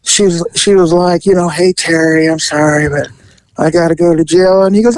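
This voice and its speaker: A man hosting a podcast, telling an animated story in casual chat, acting out the voices and laughing as he goes. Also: a little high, moderate pace, no room sound, low-quality recording.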